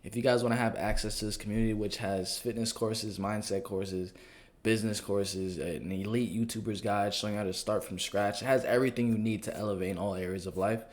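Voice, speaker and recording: Low-voiced man hosting commentary. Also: fairly quick. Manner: relaxed, conversational, addresses viewers as family. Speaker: video host. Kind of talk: casual commentary and promotion.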